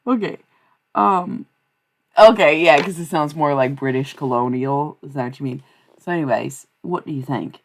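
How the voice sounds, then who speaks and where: A woman's voice: deep voice, normal speed. A young woman streaming live, chatting casually with her viewers in a blunt, profane, rambling way. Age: young adult. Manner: profane, blunt, swings between ranting and laughing. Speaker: streamer and tarot reader.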